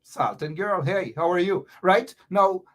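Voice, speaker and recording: A man's voice: high-pitched, a little slow. A man from Guyana with a Guyanese Creole accent, hosting a live-stream talk show, reading viewer comments and explaining local slang with lots of repetition.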